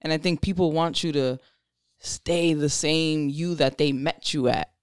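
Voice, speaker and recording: A young woman hosts a podcast in a smooth, clear voice at a middling pitch. She talks reflectively and openly about herself, in relaxed slang. The recording is dry and close. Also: measured pace, no room sound. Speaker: podcast host. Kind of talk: casual podcast chat.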